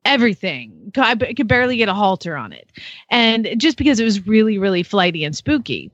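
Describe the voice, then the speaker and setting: A woman hosting a casual podcast who tells horse stories animatedly, with quick asides. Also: mid-range voice, sing-song, a bit bright, no room sound, dull audio. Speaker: podcast host and horse trainer.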